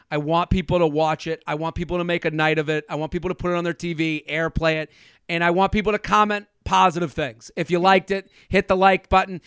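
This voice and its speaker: A man's voice: high-pitched, fairly bright tone, clear, resonant tone, no echo, clean studio sound. A man who is a comedian guest, telling casual stories in a rambling, self-interrupting way and laughing often. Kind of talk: casual storytelling.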